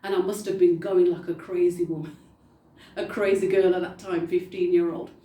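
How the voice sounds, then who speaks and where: A woman's voice: on the low side, little pitch movement, moderate pace, warm tone. A woman preaching a testimony sermon, telling her story with emphatic repetition. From United Kingdom. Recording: roomy echo, distant mic.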